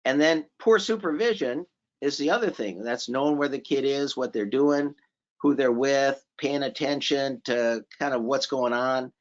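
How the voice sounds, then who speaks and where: A man presenting a seminar in a relaxed, conversational way, repeating phrases for emphasis and asking the audience questions. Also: mid-range voice, normal speed. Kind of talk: conversational lecture. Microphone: remote conference audio. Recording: slightly dull audio from a virtual conference.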